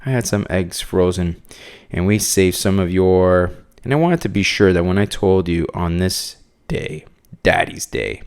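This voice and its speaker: A man's voice: sits low, a little slow, a little mellow, clean tone. A man voicing a scheming woman who is trying to win back her husband, in a coaxing tone.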